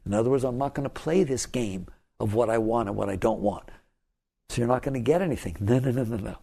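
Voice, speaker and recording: Husky, gravelly-voiced man giving a spiritual talk. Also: medium pitch, fast talker, mellow. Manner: emphatic, repeats key phrases, asks the listeners questions. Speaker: spiritual teacher. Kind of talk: spiritual talk to a live audience.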